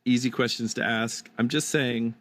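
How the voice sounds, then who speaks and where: A man's voice: medium pitch, fairly even intonation, moderate pace, a bit bright. A man co-hosting a podcast, making jokes in a casual way and then reading old verse aloud. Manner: joking, conversational. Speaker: podcast co-host.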